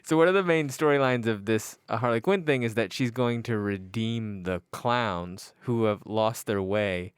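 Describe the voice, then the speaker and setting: A man with a low voice trades crude, playful jokes in a casual podcast chat about comics. His voice sits close and dry, with no echo. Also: normal speed, hardly any pauses, clean tone. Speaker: podcast co-host.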